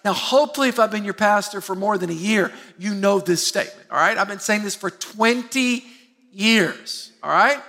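A middle-aged man preaching a sermon as pastor, lively and self-mocking, calling on the congregation to answer. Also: high-pitched, normal speed, gravelly. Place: church sanctuary. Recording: long hall reverb.

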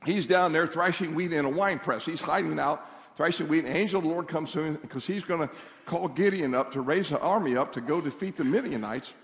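A pastor preaching a sermon in a church hall, telling a Bible story with acted-out voices and building to shouted declarations. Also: male voice, on the high side, a little fast.

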